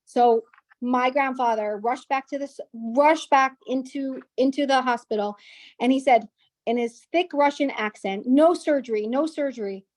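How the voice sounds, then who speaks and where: Woman guest speaker, earnest storytelling with restarts, fairly high voice, dry close sound. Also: fairly even intonation, a little slow, no echo. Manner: earnest, with frequent restarts and repetitions. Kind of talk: personal story at a women's gathering.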